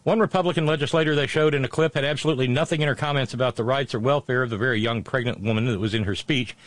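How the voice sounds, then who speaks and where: A man's voice: medium pitch, steady tone, very fast, dry recording. A male talk show host reading out listener messages and commenting on them in a conversational way, with many filler sounds and blunt, sardonic remarks.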